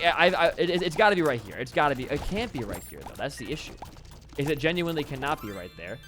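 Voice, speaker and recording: Lively, excitable man commentating a game. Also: fairly high pitch. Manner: excitable, swears freely, talks at the game. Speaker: gaming channel host. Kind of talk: live gameplay commentary.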